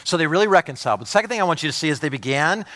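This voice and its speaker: A pastor preaching, a man with a slightly high voice. He presses his points hard, then drops to a near hush to draw listeners close. He doubles back on words as he gets worked up. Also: expressive, racing. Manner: emphatic, swinging from loud urgency to hushed intimacy; repeats words and restarts when fired up. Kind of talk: sermon.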